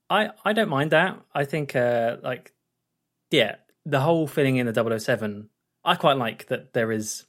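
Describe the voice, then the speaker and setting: A man trades opinions on a film in a casual podcast. He talks with animated emphasis and often restarts his sentences with fillers. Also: fairly low pitch. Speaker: podcast co-host.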